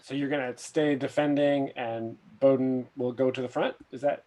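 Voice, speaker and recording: A man's voice: medium pitch, steady tone, moderate pace, mellow. A man narrating a tabletop game as game master, hesitant and full of fillers.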